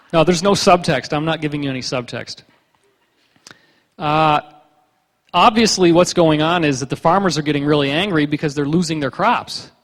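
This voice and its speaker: A man's voice: fairly high pitch, normal speed, long pauses, fairly bright tone. A man giving a conference lecture with slides, a joking, sarcastic storyteller who acts out the people he quotes. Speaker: conference speaker. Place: conference hall. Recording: long hall reverb.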